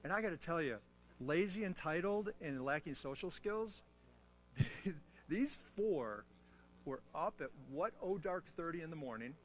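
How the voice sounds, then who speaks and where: Lively, joking male motivational speaker. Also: on the high side, unhurried, slight background noise. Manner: animated storytelling with self-mocking asides; playful, audience-teasing humor. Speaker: guest speaker on mentoring. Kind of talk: motivational talk to a military audience.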